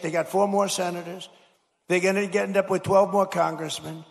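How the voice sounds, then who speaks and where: A man's voice: high-pitched, steady tone, normal speed, gravelly, some chatter behind. A man, a politician, giving a rambling, repetitive and emphatic rally speech from a podium mic in a large school hall. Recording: long hall reverb.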